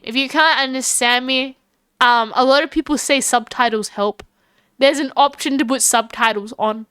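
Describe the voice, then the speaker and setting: An Australian woman livestreaming and chatting casually with her viewers, rambling and giggly, talking fast with lots of fillers. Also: high voice, sharp tone, no room sound. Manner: chatty and giggly, talks to chat and calls herself by name.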